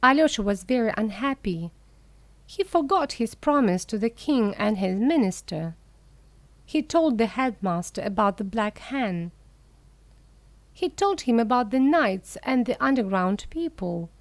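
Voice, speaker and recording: Slow, expressive woman reading a story. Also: on the high side, dry recording. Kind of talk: slow audiobook reading for English learners.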